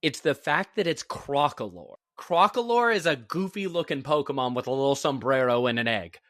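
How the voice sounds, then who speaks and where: A man co-hosting a podcast, chatting casually with thoughtful, lively commentary. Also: medium pitch, moderate pace, dry recording, studio quality. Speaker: podcast co-host. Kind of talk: casual chat.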